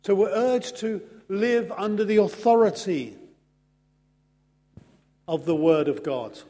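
A man preaching a sermon in an earnest, measured way, pausing slowly for emphasis. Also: high-pitched, expressive, warm tone. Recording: long hall reverb.

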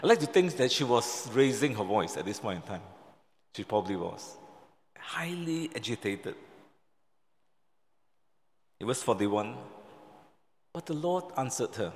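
A man's voice: medium pitch, slight background noise. Man preaching in a reverberant hall. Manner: conversational, with pauses and restarts, acting out quotes. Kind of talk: sermon.

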